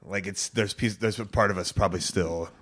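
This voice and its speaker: A man's voice: sits low, fairly even intonation, fairly quick, a bit bright, slightly rough. A man hosting a podcast, chatting casually with a guest, laughing often and rambling through loose restarts. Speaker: podcast host.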